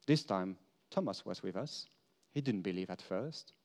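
A man giving a first-person dramatic monologue as an apostle. He tells the story earnestly, moving between emphatic lines and hushed confession. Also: low voice, lively intonation, moderate pace.

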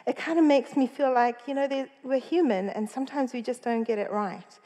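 A woman's voice: high-pitched, brisk, warm tone, in a large hall. A woman pastor giving a chatty sermon in a church, telling a Bible story with frequent self-corrections. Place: church hall.

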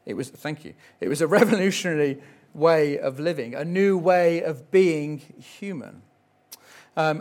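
Male preacher, gentle reflective sermon delivery, slightly raised pitch.

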